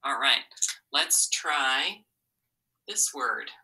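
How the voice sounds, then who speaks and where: A woman teaching a phonics lesson to children, patient and encouraging, asking questions and pausing for answers. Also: extremely low pitch, lively intonation, bright, forceful tone, distant mic, slight background noise, low-quality recording.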